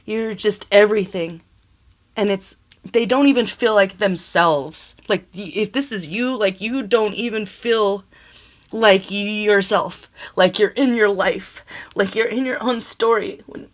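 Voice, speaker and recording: A woman's voice: medium pitch, measured pace. Emotional young woman tarot reader. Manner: emotional, exclamatory, laughing through tears. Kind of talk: casual tarot reading.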